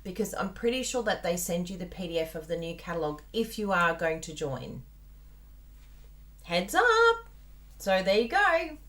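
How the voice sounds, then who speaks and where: A woman's voice: fairly low pitch, lively intonation, fairly quick, few pauses, fairly bright tone. A woman with an Australian accent hosting a chatty live card-making tutorial, bubbly and talking straight to her viewers. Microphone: plugged-in microphone at a desk.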